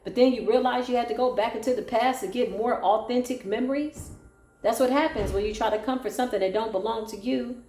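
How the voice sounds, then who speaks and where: A woman's voice: fairly high pitch, a little fast, darkish tone. A woman giving a solo tarot reading, sassy, sarcastic and preachy. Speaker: tarot reader. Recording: echoey room with faint music.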